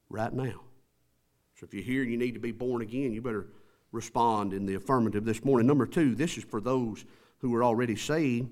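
A male pastor preaching a sermon in a church, dropping to near murmurs and then rising to drawn-out shouts. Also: mid-range voice. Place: church building.

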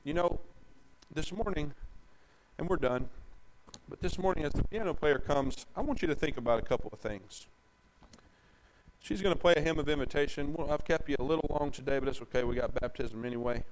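High-voiced preacher, fiery and emphatic. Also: male voice, rough recording. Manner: preachy, emphatic, swings from loud to hushed, drawls scripture slowly. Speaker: pastor. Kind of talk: sermon.

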